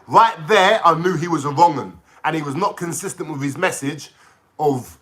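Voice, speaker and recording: A man ranting casually on a livestream, swearing and talking in an excitable way. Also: fairly high pitch, moderate pace. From London.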